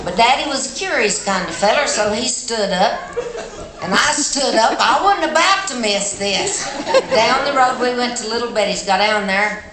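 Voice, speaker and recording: A woman's voice: fairly high pitch, moderate pace, crowd noise. Folksy Appalachian woman telling a story. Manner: folksy, animated, plainspoken. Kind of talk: live storytelling performance. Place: festival stage with audience. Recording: echoey hall with background noise.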